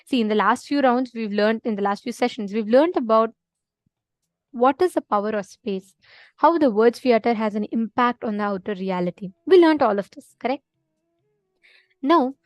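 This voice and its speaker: A woman with a somewhat high voice teaches a live online spiritual session. She explains patiently and keeps checking in with her listeners. The sound is dry and close. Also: no echo. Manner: explanatory, often checking understanding with "correct?".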